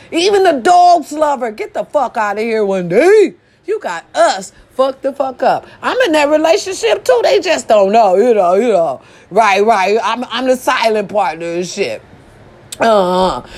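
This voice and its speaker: Woman ranting about folks online, cussing, voice jumps way up to squeals then drops low. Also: unhurried. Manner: profane, animated, swings to high squeals. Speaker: social media commentator. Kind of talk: casual reaction rant.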